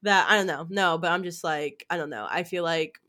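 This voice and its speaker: A young woman in her twenties hosting a podcast, chatting casually with lively, rambling talk and free swearing. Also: fairly low pitch, a little fast. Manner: animated, rambling, swears freely. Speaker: podcast host. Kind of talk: casual chat.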